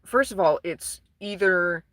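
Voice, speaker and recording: A woman's voice: lowish voice, unhurried, no room sound. A woman casually retelling a story to camera, rambling, swearing and full of fillers. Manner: rambling, profane, animated retelling. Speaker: vlogger.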